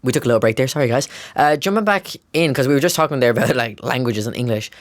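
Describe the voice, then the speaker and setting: Fast-talking Dublin Irish man. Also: mid-range voice, no echo. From Ireland. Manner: storytelling, animated, swears casually. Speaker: podcast host. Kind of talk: casual chat.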